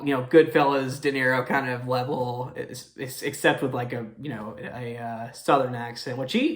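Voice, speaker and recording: A man's voice: medium pitch, fairly bright tone. A young man hosting a casual movie review, talking in a rambling way with many fillers and apologetic self-corrections.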